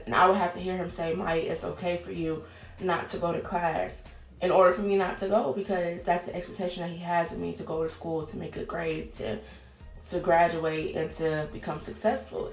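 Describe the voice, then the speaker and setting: A woman, candidly chatting to camera in a casual vlog, swearing now and then. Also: on the low side. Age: 20s. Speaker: vlogger. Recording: echoey room with faint music.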